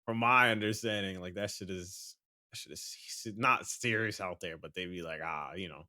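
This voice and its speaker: A man co-hosting a podcast in relaxed casual chat, swearing and trailing off. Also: deep voice, moderate pace, no echo, clean studio sound. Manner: laid-back, profane, trails off. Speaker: podcast co-host.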